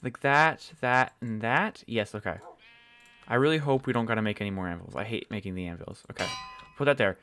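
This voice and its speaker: A man's voice: fairly low pitch, a little fast, slight background noise. Rambling, swearing young-sounding gamer man. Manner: rambling, swears often, loses his train of thought. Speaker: gaming channel host. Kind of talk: casual gameplay commentary.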